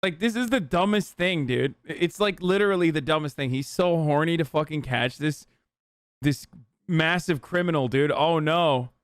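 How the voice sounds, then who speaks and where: A young man with a fairly high, clean, smooth voice talks over a clip, cursing freely and mocking what he sees. The sound is dry and close, with no room around him. His tone stays sarcastic and exasperated throughout. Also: moderate pace, no room sound. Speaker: streamer reacting to a TV show. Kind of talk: casual reaction commentary.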